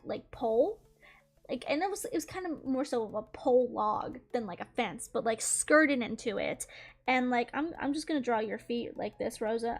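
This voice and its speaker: A young woman telling a story while drawing, rambling with lots of fillers and frequent giggles. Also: on the high side. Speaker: YouTuber.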